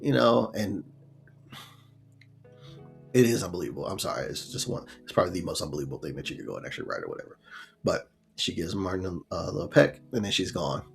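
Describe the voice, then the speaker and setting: A man's voice: sits low, big pitch swings, fast talker, gravelly, pauses often, soft background music. A man retelling a sitcom episode in a laid-back, rambling way, full of fillers and little acted quotes. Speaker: show reviewer. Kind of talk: casual episode recap.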